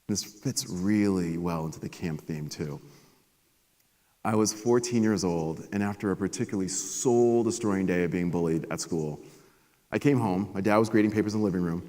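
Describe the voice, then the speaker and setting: A man giving a motivational keynote at a conference, energetic and animated as he tells stories to the audience. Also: fairly low pitch, moderate pace. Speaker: keynote speaker. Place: large conference hall. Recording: long hall reverb.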